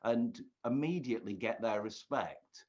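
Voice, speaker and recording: A man's voice: mid-range voice, expressive, measured pace, a little mellow. A man earnestly recalling his touring days in a casual chat. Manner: earnest, reflective storytelling. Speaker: guest magician recalling touring. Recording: dull lo-fi sound.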